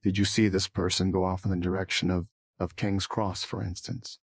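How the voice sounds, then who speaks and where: A man reading the part of a formal male coroner, speaking in a measured way. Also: low voice, flat delivery, breathy edge, dry recording, studio quality.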